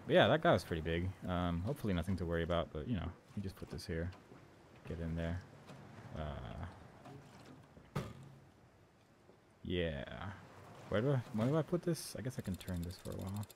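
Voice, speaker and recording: A man's voice: deep voice, big pitch swings, normal speed, long pauses, noisy background. A man casually commenting on a horror game as he plays, rambling and amused, talking back at the characters. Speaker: let's play commentator.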